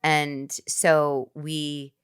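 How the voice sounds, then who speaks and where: A woman, an actress, telling a lively anecdote as a podcast guest in a casual chat. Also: low-pitched, very slow, clean tone. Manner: animated, nervous-laughing anecdotes with fillers.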